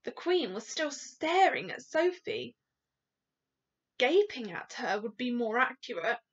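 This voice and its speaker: Slow, lively woman teacher reading aloud. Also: a little high, husky. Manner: slow, lively, asks the class questions. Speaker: primary school teacher. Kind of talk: reading a story aloud to children. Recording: dull lo-fi recording.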